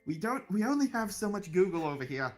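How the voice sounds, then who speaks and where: Lively, exasperated game master man. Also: high voice, fairly quick, faint music behind. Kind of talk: casual tabletop banter.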